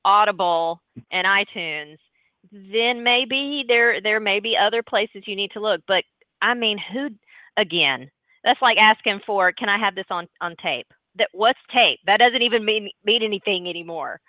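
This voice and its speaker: A woman hosting an interview, chatty and lively. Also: mid-range voice, no room sound. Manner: chatty, lively, quick to laugh. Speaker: podcast host. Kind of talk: casual interview chat. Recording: dry phone-like line.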